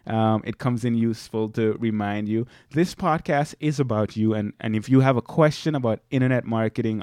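A man's voice: medium pitch, darkish tone, dry recording. A man hosting his own podcast from a small home office studio, chatty, laughing often and repeating himself. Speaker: podcast host. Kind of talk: casual solo podcast talk.

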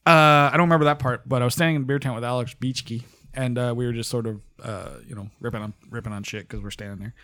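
A man chatting casually as a podcast guest, relaxed and rambling, laughing often. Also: medium pitch, quick pace. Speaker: guest and pipe band member. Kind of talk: casual chat.

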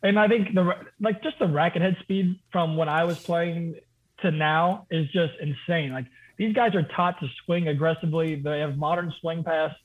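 A man's voice: on the high side, moderate pace. A man joining a podcast as a guest, chatting in an easygoing, enthusiastic way. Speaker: podcast guest, brand manager. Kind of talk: casual podcast chat. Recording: tinny phone-like line.

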